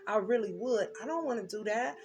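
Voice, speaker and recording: A woman's voice: fairly high pitch, lively intonation, fairly quick, a little mellow. A woman doing a tarot reading, telling her story intensely and emphatically with blunt slang. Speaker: tarot reader.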